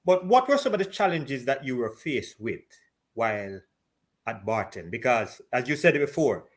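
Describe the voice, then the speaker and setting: A man from Jamaica hosting an interview, asking calm questions and laughing along with his guest. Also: mid-range voice, normal speed. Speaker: host, former Olympian.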